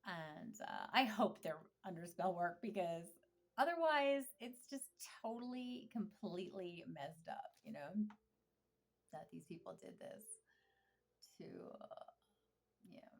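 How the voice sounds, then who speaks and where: A woman with a somewhat low voice tells her own story in a loose, rambling way. She laughs often and slips into hushed, near-whispered asides between louder bursts. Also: big pitch swings, slow pace, pauses often. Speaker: vlogger telling her life story. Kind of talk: casual storytelling monologue.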